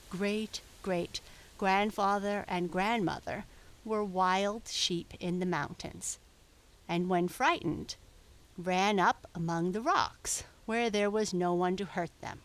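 Female storybook narrator; gentle, unhurried, measured. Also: mid-range voice.

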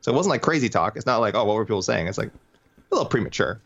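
Fast-talking low-voiced man, muffled audio. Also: big pitch swings, gravelly, a bit bright, breathy edge. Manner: fast, mock-exasperated banter. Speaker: podcast co-host. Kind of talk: casual chat.

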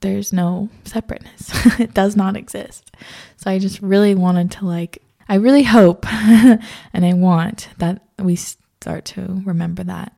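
Gravelly-voiced chatty woman podcaster. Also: mid-range voice, steady tone, unhurried, dark tone. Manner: chatty, swears freely, laughs often. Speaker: podcast host. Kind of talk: casual solo chat.

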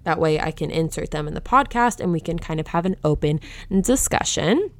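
With a low-pitched, expressive voice and a brisk pace, a woman speaks close to the mic on her true crime podcast, voicing her own opinions outspokenly and with clear outrage.

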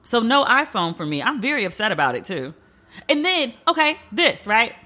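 A woman's voice: fairly high pitch, big pitch swings, normal speed, bright, forceful tone. A young woman hosting a podcast, ranting in a blunt, profane, casual way with mock disbelief. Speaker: podcast host. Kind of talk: casual comedic rant.

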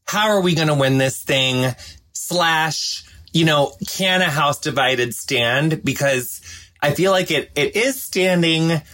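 A podcast host in his thirties chats casually in a fairly high, slightly bright voice. He's effusive and gushing, calls listeners honey, and says "like" constantly.

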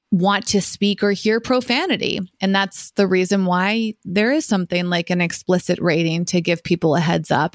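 A woman's voice: medium pitch, dry recording, clean studio sound. A woman co-hosting a podcast, talking casually and reflectively, thinking aloud with small hesitations. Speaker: podcast co-host.

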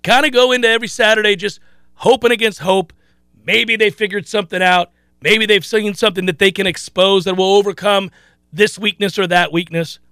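A man's voice: high-pitched, steady tone, brisk, pushed and bright, clear, resonant tone, dry recording. A man hosting a sports talk show, chatting animatedly about his team and often restarting his sentences. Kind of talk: casual sports talk commentary.

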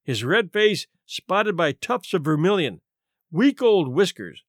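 A man narrating a story aloud in an expressive, theatrical manner. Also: high voice, takes it slowly, no room sound, studio quality.

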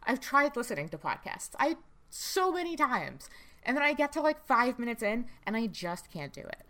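A woman's voice: a little high, sing-song, normal speed, a bit bright. A woman hosting a casual podcast interview, chatty and emphatic, often laughing as she talks. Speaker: podcast host.

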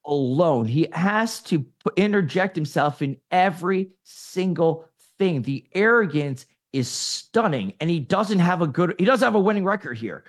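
High-pitched, lively man ranting. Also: moderate pace. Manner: animated, laughs often, repeats words when fired up. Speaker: show guest. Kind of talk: casual opinion chat.

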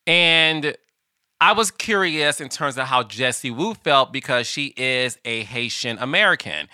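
A young man hosting a podcast, giving casual, animated commentary on a reality show with sassy asides. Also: mid-range voice, a little slow, clear, resonant tone, no echo, studio quality. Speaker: podcast host.

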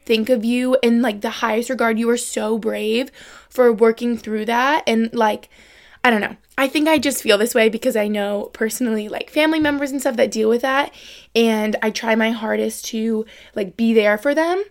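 A woman's voice: on the high side, moderate pace. A young adult woman hosting her own podcast, talking in a rambling, upbeat way full of fillers. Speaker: podcast host. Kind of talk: casual solo podcast chat.

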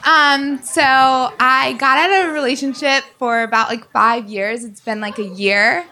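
A woman's voice: sits high, steady tone, unhurried, bright, forceful tone. A young woman in the audience of a live show asking for dating advice, hesitant and full of fillers.

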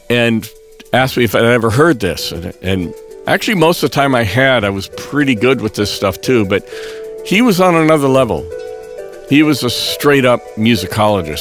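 Low-voiced man telling a story. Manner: animated when quoting, relaxed fillers and restarts. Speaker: guest musician telling a story. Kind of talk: conversational podcast storytelling.

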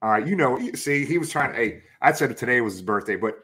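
A man hosting a casual football podcast, talking excitedly and calling his guest brother and man. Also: mid-range voice, quick pace. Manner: excitable, enthusiastic, keeps saying brother and man. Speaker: podcast host. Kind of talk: casual chat.

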